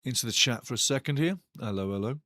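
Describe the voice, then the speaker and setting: A man hosting a live football watch-along, calling the play and reading the chat in a blunt, excitable, foul-mouthed way. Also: mid-range voice, fast, dry recording, clean studio sound. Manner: bursts louder at big chances.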